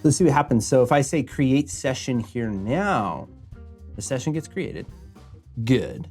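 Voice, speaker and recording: Upbeat man with a lively voice teaching. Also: mid-range voice, unhurried, slightly rough, soft background music. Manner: chatty, upbeat and joking. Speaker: host and podcasting instructor. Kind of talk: screen-share tutorial walkthrough. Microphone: podcast mic through a mixer.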